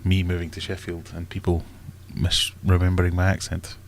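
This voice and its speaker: Deep-voiced Scottish man rambling on a live stream. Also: flat delivery, moderate pace, gravelly, a little hiss or hum. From Scotland. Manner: rambling and self-mocking, thinks aloud. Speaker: aquarium channel host. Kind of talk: casual live-stream chat.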